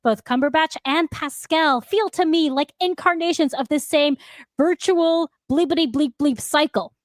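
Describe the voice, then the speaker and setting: A woman with a high voice reads her own prepared essay aloud as a podcast co-host. She keeps to long, careful sentences and trips over a word here and there. The sound is close and dry, with no room around it. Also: dry recording. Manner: reads in long, measured sentences, stumbling on words now and then.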